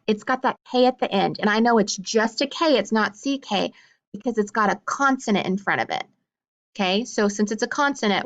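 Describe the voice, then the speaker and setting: A woman teaching a phonics lesson in an upbeat, encouraging way, sounding out letters slowly. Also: medium pitch, fairly bright tone.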